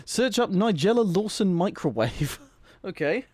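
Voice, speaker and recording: A man's voice: on the high side, expressive, moderate pace. A young man, chatting casually with viewers on a live stream, giggly and rambling. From Britain. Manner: giggly, rambling, reacting to chat.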